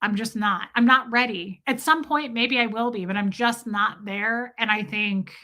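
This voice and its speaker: Livestream host, woman, higher bright voice, candid and self-deprecating, fields chat questions. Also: normal speed. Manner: candid, chatty, self-deprecating, thanks viewers by name. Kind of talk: casual livestream Q&A, reading and answering chat.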